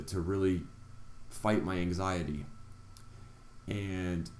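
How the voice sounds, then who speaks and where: A man's voice: deep voice, steady tone, unhurried, a little mellow, echoey room. A man vlogger earnestly telling a personal story, acting out his own reactions along the way. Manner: earnest, retelling events with quoted reactions.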